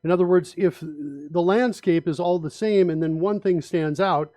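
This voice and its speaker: A middle-aged man presenting a talk on interface design in a relaxed, conversational way, with frequent fillers. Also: sits high, moderate pace, no echo. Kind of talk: conference talk with slides.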